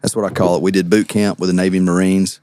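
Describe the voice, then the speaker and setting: A young man, a podcast guest and actor, telling stories in an animated, casual way with frequent laughs and quick asides. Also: low-pitched, dry recording. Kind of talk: casual storytelling.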